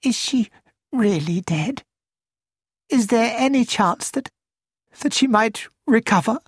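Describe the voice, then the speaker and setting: Guy putting on a frail shocked lady teacher, high shaky voice, slow, dry. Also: expressive, husky, no room sound, exaggerated voice.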